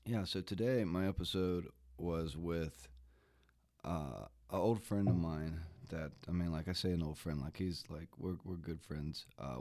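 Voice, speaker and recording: A man with a very deep, groggy morning voice hosts his podcast in a loose, rambling way, full of fillers and restarts. The recording is dry and close, with no room sound around him. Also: dark tone, no room sound. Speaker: podcast host. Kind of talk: casual podcast intro.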